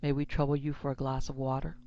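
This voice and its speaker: A woman reading a horror story aloud, voicing a stern male soldier who speaks low, hard and clipped. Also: little pitch movement, fast, mellow, dry recording. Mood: polite. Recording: slightly dull lo-fi recording.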